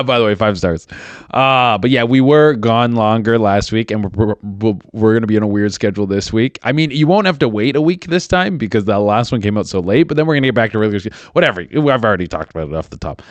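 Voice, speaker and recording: A man's voice: on the low side, no room sound. A young man hosting a podcast alone, rambling casually with lots of swearing and filler words. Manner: rambling, profane, many fillers. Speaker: podcast host. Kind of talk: casual solo podcast chat.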